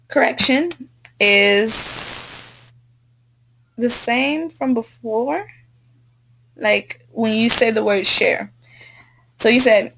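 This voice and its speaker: A woman tutoring English who slowly and patiently repeats and models corrected sentences, recorded on a computer mic. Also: on the high side, vocal fry, fairly bright tone, slight background noise. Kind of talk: screen-recorded correction feedback. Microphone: computer mic on a screen recording.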